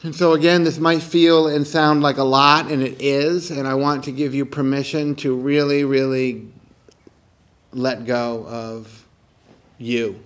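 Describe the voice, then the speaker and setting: A man of ordinary pitch guides a mindfulness meditation at an easy, unhurried pace. His manner is calm and gentle, and he returns again and again to soft questions. He speaks outdoors during a morning walk. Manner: asks soft repeated questions. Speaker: meditation teacher.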